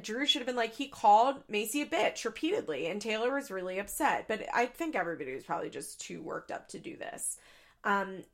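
A young adult woman hosting a podcast, recapping in a chatty, profane, casual way with quick asides into a studio mic. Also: mid-range voice, animated. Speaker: podcast host.

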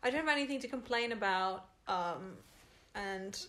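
A woman's voice: mid-range voice, expressive, normal speed, pushed and bright. A woman co-hosting a podcast, talking in a casual, rambling way and laughing often. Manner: chatty, rambling, giggly. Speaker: podcast co-host. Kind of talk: casual chat.

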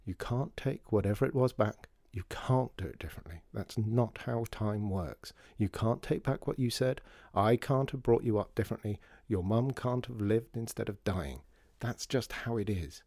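A man voicing a gentle, wry widowed father who talks tenderly to his small daughter in a storybook. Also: fairly low pitch, moderate pace, vocal fry, no room sound, studio quality. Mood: earnest. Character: gentle widowed father, middle-aged, fond.

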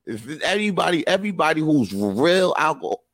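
A man's voice: on the high side, sing-song, brisk, fairly bright tone, no echo. A man hosting a casual live podcast, talking in a slangy, profane, hyped-up motivational way. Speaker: podcast host.

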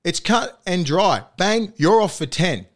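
A man's voice: high-pitched, animated, measured pace. A man with an Australian accent, co-hosting a casual podcast chat and ranting heatedly with plenty of swearing. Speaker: co-host.

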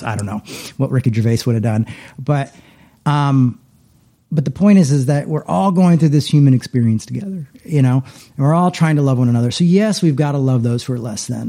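A man's voice: mid-range voice, dark tone. A middle-aged man, a pastor, talking casually in a rambling way, with many restarts and repeated words. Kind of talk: casual conversation.

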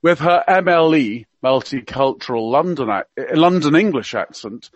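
A man's voice: medium pitch, animated, normal speed. A man with a slight received pronunciation accent reading a wry, scripted humorous piece as a radio guest. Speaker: guest commentator. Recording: dull, dry lo-fi sound.

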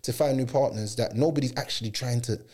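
A man's voice: mid-range voice, fast, darkish tone. A young man in casual podcast chat. He uses heavy slang and acts out quotes in different voices.

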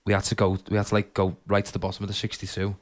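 Man chatty Scouse man, low voice. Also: monotone, very fast. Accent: Liverpool (Scouse). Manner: swears freely, chatty, rambling, laughs often. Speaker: podcast co-host. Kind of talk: casual chat.

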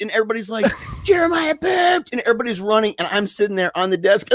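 A man's voice: high voice, a bit bright, no room sound, studio quality. A man telling a long childhood story in casual chat, rambling and self-mocking with lots of fillers. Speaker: guest storyteller.

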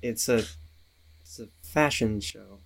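A man playing in a tabletop game, calmly urging the others to keep level heads. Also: fairly low pitch, takes it slowly, gravelly. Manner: calm, pleading for level heads. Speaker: player. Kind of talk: tabletop role-play.

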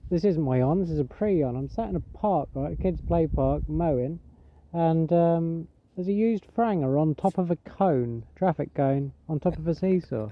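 A man's voice: a little high, normal speed. An English man telling a cheeky, rambling story in a voice message sent to a show. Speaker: caller sending a voice message. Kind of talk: casual storytelling. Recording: muffled lo-fi voice message.

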